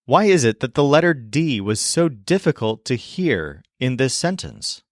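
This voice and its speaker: A man teaching in a language lesson video, explaining clearly and modeling sounds slowly. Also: mid-range voice, sing-song, no room sound, studio quality. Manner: clear, demonstrative, slows to model pronunciation.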